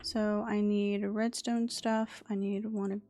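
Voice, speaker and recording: A young woman streams a game in a loose, unhurried voice, mumbling her plans aloud. She chats casually and playfully scolds the animals on screen. Her pitch sits in an ordinary middle range and she takes her time between words. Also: little pitch movement, dark tone, a little hiss or hum. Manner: chatty, muttering to herself, scolding game animals. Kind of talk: casual gameplay chat.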